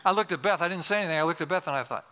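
An older man preaches a storytelling sermon, slipping in humorous, self-deprecating asides. His voice is bright and forceful, pitched a little high. A long reverb trails through the sanctuary. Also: rapid-fire. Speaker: pastor.

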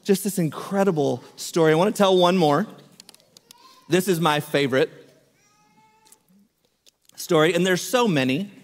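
Male preacher, fairly high voice, animated storyteller, big echoey hall. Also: unhurried, pauses often. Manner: animated storyteller, acts out quoted speech. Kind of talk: sermon storytelling.

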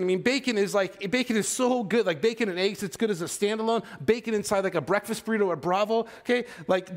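A man preaching a sermon in a casual, animated way, with frequent filler words and asides to the congregation. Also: high-pitched.

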